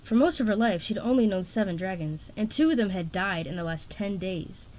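A woman reading a children's fantasy novel aloud in steady, expressive narration. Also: medium pitch, a little fast. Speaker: audiobook reader.

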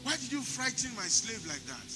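A man's voice: very high voice, sing-song, normal speed, over music, pitched above the performer's own voice. A man voicing a commanding male master who scolds sternly. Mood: scolding.

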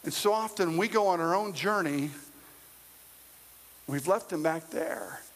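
Guy pastor preaching, kinda high voice, chatty and jokey with the crowd, big echoey church hall. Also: measured pace. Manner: conversational preaching with humor and repetition; addresses the congregation directly. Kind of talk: sermon. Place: church sanctuary with a congregation. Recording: long reverb of a large hall.

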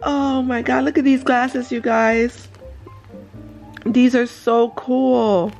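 A woman, gushing and gasping excitedly while unboxing gifts at home in a casual vlog. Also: a little high, slow, vocal fry, muffled recording, faint music behind. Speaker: vlogger.

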